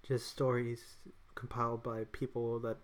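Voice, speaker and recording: A man's voice: mid-range voice, monotone, unhurried. A man co-hosting a casual podcast, rambling loosely with frequent restarts. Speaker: podcast co-host. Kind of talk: casual chat.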